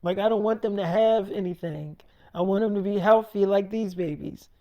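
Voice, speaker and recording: A man voicing his young pregnant wife as he retells an argument, speaking quietly and hesitantly. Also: mid-range voice, moderate pace, lightly acted. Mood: quiet defensive. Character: soft-spoken young pregnant wife, defensive.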